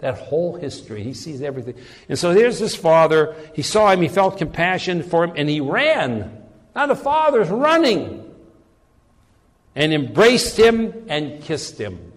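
A man's voice: fairly high pitch, in a large hall. A man preaching a sermon in an earnest way, often repeating words as he searches for the phrasing.

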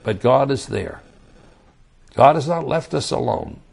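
Gravelly man preaching a sermon. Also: mid-range voice, animated, unhurried. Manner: emphatic, rising to loud scripture readings.

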